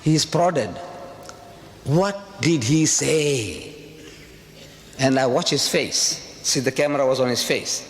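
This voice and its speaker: An older South African man, a public speaker, delivers an impassioned, rhetorical lecture before a live audience, repeating phrases for emphasis. His voice is medium in pitch and slow, broken by long pauses. The hall echoes, and a faint hiss runs underneath.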